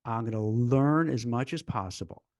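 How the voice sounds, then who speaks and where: A man's voice: medium pitch, moderate pace, no echo, highs cut off. A man working as a recruiter and hosting a casual live-stream chat, speaking animatedly and stumbling over repeated words as he gets fired up. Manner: animated, acts out dialogue in mock voices, repeats words when fired up. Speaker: recruiter and show host.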